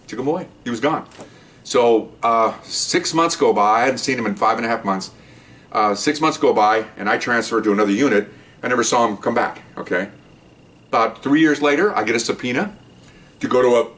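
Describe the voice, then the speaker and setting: A man's voice: lowish voice, fairly bright tone. An older man, a retired police officer, casually telling a story and acting out the voices of the people in it.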